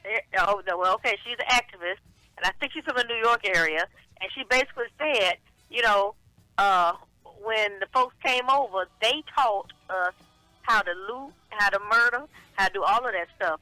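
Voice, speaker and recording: Bright-voiced, reflective woman co-host. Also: mid-range voice, no room sound, soft background music, rough recording. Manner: measured and reflective, with affectionate greetings. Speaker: show regular and co-host. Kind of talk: casual talk radio conversation.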